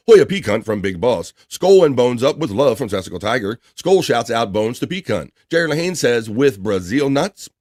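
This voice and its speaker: A man's voice: mid-range voice, very animated, normal speed, hardly any pauses, a little mellow, dry recording. A man hosting a casual livestream, reading viewer messages aloud in a loose, chatty way. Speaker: livestream host reading chat. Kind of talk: casual chat.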